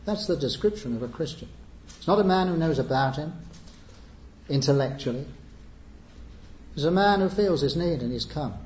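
A man's voice: on the high side, lively intonation, moderate pace, pauses often, a little mellow, slight background noise. A man preaching an evangelistic sermon, earnest and pleading, building to emphatic appeals. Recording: echoey muffled church recording.

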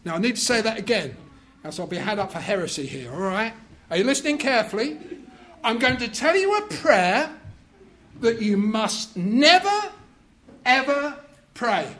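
A man preaching a sermon, deliberate and emphatic, joking with his audience between points of doctrine. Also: sits high, big pitch swings, sharp tone, a little hiss or hum.

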